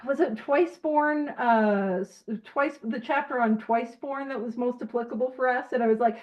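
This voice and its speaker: A fairly high-voiced woman leads a group study over an online call, reading passages aloud and breaking in with emphatic, joking asides. Her audio is a bit dull and lo-fi. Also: normal speed, hardly any pauses. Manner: animated and emphatic, jokey asides.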